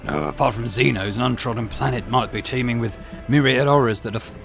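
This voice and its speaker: Sneering Cockney heavy, loud and contemptuous, as a male narrator puts him on. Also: medium pitch, fairly quick, creaky, music in the background, close to an everyday voice. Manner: contemptuous, mocking. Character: sneering burly male ship official.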